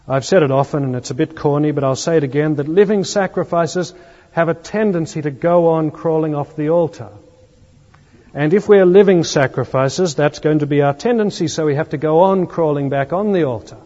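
A man preaching a sermon as pastor, earnest, with emphatic pauses. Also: a little high, a little mellow. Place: church. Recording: long church reverb, dull lo-fi sound.

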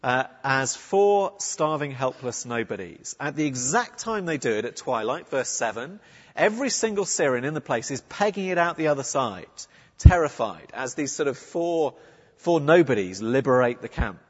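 A man's voice: medium pitch, sing-song, moderate pace, slightly rough. A man preaching a sermon in a church, conversational and earnest, often restarting his sentences. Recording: muffled, with a long church reverb.

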